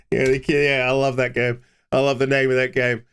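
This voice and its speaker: A man's voice: medium pitch, a bit bright, smooth. A man hosting a casual gaming podcast, teasing his guests and asking questions. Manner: joking, teasing, asks questions. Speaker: podcast host.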